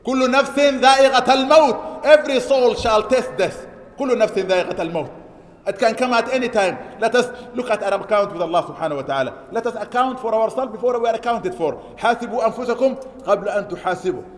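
A high-pitched man preaches quickly and emphatically, reciting Arabic quotes and then explaining them. His voice carries a long, echoing reverb, the sound of a mosque hall. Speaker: imam preaching an Eid sermon. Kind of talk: sermon. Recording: echoey hall.

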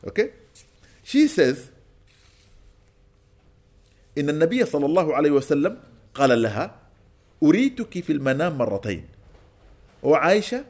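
A man speaking as a sheikh gives an Islamic lecture in the form of a storytelling sermon, quoting Arabic and then translating it. His voice is on the high side with a darkish tone, very animated and fast, with frequent pauses.

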